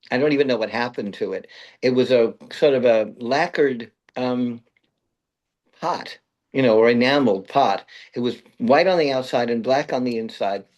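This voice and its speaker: A man's voice: medium pitch, darkish tone. A man from Brooklyn, a guest in an interview, telling long rambling anecdotes and laughing at his own stories. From Brooklyn, New York. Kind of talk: interview conversation.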